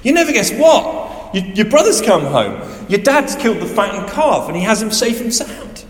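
Eager servant guy, high and loud, preacher doing the voice. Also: sing-song, moderate pace. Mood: excited. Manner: eager, breathless news-bearing. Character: excited male household servant. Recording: echoey hall reverb.

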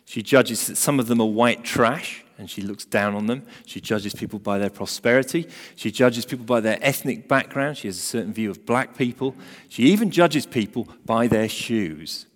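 A man preaching a sermon who tells a story emphatically, swinging between loud emphasis and hushed asides. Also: mid-range voice, moderate pace. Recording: long hall reverb.

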